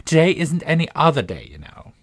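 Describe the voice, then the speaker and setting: A man's voice: on the high side, very animated, brisk, pitched above the performer's own voice. A man voicing a flustered, melancholy old queen in a storybook reading, fussy and helpless in manner.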